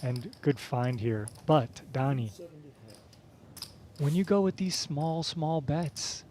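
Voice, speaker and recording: A man's voice: medium pitch, takes it slowly, darkish tone, slight background noise. A man giving live poker commentary in a chatty, coaching manner, explaining strategy as he goes.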